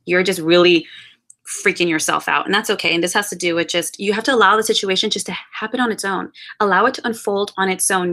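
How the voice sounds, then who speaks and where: Bright-voiced woman giving reassuring tarot advice. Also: medium pitch. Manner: earnest, reassuring, addresses listener directly; spiritual, encouraging advice-giving. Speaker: tarot card reader. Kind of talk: monthly love forecast by zodiac sign.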